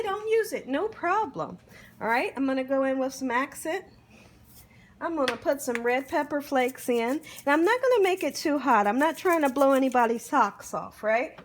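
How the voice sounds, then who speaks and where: A woman hosting a home cooking demonstration in her kitchen, chatty and encouraging, often checking in with her viewers. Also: high-pitched. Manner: chatty, encouraging, asks "you hear me?" often. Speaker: cooking show host.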